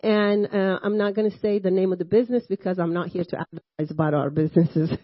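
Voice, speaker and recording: A woman's voice: fairly low pitch, fairly even intonation, fast talker, no echo, muffled recording. A woman in her sixties with a Persian accent, speaking as a guest at a church service and telling her testimony in a chatty way, full of fillers and restarts. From Iran. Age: 60s. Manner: conversational with frequent fillers and self-interruptions, laughing asides. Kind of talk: personal testimony sermon.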